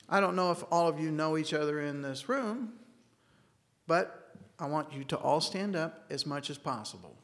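Earnest male preacher, slightly high, gravelly, long hall reverb. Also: a bit bright. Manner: earnest, storytelling, acts out quoted dialogue. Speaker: speaker giving a church talk. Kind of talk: sermon with a personal story. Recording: long reverb of a large room.

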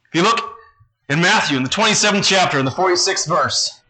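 A man preaching a sermon, reading scripture aloud slowly and low, then explaining it in a conversational way. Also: expressive, pushed and bright, low-quality recording.

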